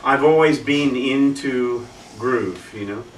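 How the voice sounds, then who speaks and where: A man's voice: medium pitch, takes it slowly, slight background noise. Chatty guitarist man in a roomy room. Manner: chatty, demonstrates rhythms with spoken sounds. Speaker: guitarist giving a workshop. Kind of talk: casual teaching talk. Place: music shop event room. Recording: roomy room, distant mic, guitar playing.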